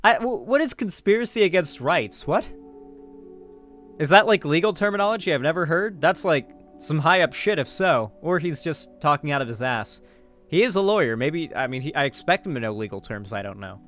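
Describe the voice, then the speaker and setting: A man's voice: a little high, expressive, fairly quick, fairly bright tone, faint music behind. A man reading news articles aloud and breaking off into sarcastic, profane asides as a commentary host. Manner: sarcastic, swears freely, trails off mid-sentence. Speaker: political commentary YouTuber.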